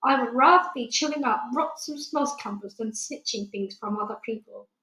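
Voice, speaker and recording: A woman doing a kind, excitable big giant. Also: on the high side, normal speed, roomy sound, rough recording. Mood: proud. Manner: raised, excitable, stammers when scared. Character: big gentle male giant, kind and proud, mangles words.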